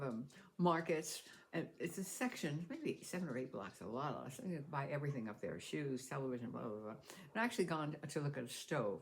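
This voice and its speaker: An older woman vlogging from home, telling a story in a chatty way and laughing often. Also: low voice. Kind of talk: casual storytelling.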